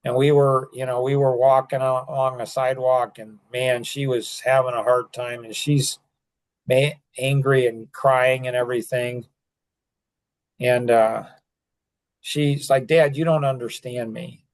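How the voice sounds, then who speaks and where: A man's voice: medium pitch, level tone, a little slow. An older man hosts a loose, casual podcast conversation. He rambles, leans heavily on fillers, and often breaks off and restarts his sentences. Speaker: podcast host.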